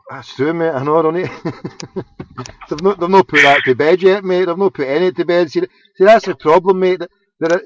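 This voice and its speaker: Rambling, profane man on a lo-fi line. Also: a little high. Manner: rambling, profane, many restarts. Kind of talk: casual chat. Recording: dull lo-fi sound.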